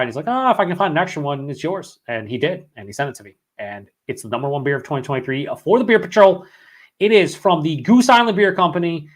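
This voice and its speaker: A young man with a fairly high voice hosts a live beer stream. He rambles, swears freely and reads viewer comments aloud. His voice sounds worn after hours of talking. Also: animated, quick pace. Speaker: beer vlog host. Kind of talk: casual live-stream chat.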